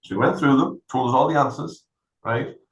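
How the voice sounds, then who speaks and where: As co-host of a podcast, a middle-aged man with an ordinary male pitch talks a little fast while telling a long, casual anecdote. He animatedly acts out the people in the story, and the room lends his voice a roomy echo.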